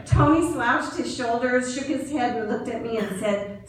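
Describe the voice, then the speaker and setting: A woman's voice: a little high, moderate pace, few pauses. A middle-aged woman giving a commencement speech at a podium in a large hall, telling stories and acting out the lines of the people in them. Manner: storytelling with quoted dialogue. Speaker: graduation speaker. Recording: echoey hall from far off, faint noise.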